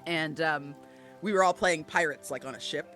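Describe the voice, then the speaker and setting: Guy guesting on a podcast, high bright voice, laughs a lot, swears his way through animated stories. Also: moderate pace, faint music behind. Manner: animated, profane storyteller who laughs often. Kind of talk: casual chat.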